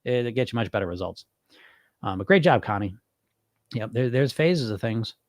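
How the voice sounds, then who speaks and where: A man's voice: medium pitch, normal speed, dry recording, studio quality. A man hosting a weight-loss podcast, answering viewer comments in a casual, rambling way with plenty of swearing. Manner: animated, profane, rambling.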